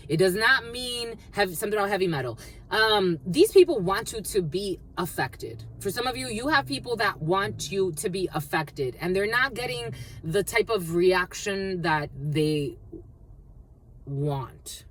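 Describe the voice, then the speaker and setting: A woman's voice: medium pitch, lively intonation, a little slow. A woman giving a collective tarot reading, rambling and free-associating, repeating phrases and swearing freely. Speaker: tarot card reader.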